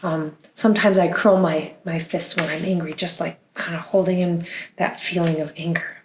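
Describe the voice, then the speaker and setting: A woman songwriting teacher leading a gentle lesson for young children, in sing-song, encouraging teacher talk with playful vocal sounds. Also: lowish voice, steady tone, normal speed, echoey room, slight background noise. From United States.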